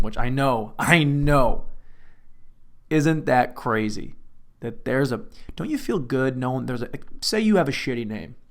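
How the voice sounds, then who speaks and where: A young man hosting a casual comedic monologue, rambling and poking fun at himself. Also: mid-range voice. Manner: rambling, self-mocking, trails off and restarts. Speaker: host.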